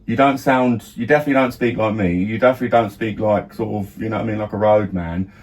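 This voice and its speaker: A man's voice: fairly low pitch, fairly even intonation, fast. A middle-aged man with a London accent, co-hosting a casual podcast chat and rambling with many restarts and "do you know what I mean". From London area, England. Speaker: podcast co-host, father.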